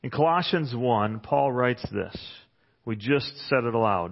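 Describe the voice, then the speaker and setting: A man's voice: medium pitch, animated, unhurried, creaky. A man preaching a sermon in a church hall, conversational and joking, reading Bible passages aloud. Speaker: pastor. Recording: muffled sound with long hall reverb.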